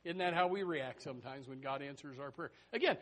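A man preaching a sermon in a folksy, animated way, full of rhetorical questions and chuckling asides. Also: mid-range voice, fairly quick.

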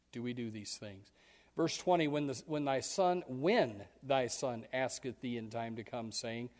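A man preaching a sermon as pastor, folksy and animated, acting out scenes. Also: mid-range voice, big-room sound. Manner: folksy, animated, acts out yelling parents and kids.

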